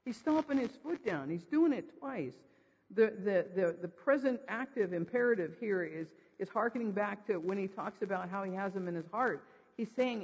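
A high-pitched man preaching in a church sanctuary, jokey and animated, tossing rhetorical questions at his congregation. His voice trails into a long reverb, and the recording sounds dull and lo-fi. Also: normal speed, slightly rough. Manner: animated, raises his voice for emphasis. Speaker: pastor. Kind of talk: sermon.

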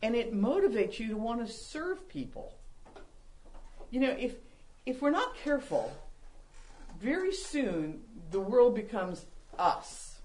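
An older woman giving a Bible teaching talk to women, telling animated, self-mocking stories. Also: fairly high pitch, slow, pauses often, rough recording.

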